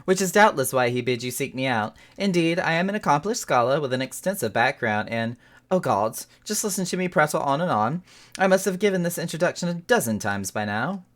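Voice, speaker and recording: A woman's voice: sits low, lively intonation, a little fast, pitched above the performer's own voice. Woman doing a prim, wordy woman scholar. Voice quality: put-on accent. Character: fussy bookish young woman scholar.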